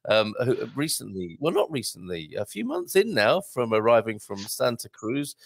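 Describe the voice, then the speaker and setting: A man's voice: medium pitch, wildly swooping pitch, normal speed, vocal fry, no echo, studio quality. A man hosting a live online show, chatting casually, reading out comments and tagging on questions. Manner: chatty, jokey, with tag questions.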